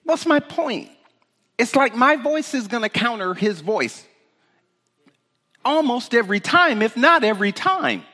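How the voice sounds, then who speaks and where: A man preaching an informal sermon, emphatic and conversational, often checking in with the listeners with a quick "right?". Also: very high-pitched, husky, long reverb tail. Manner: animated, emphatic, rhetorical "right?" asides.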